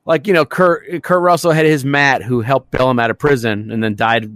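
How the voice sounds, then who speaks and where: A man co-hosting a casual podcast, riffing on old movies with profanity and sudden shouted impressions. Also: medium pitch, steady tone, moderate pace, no echo. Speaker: podcast co-host.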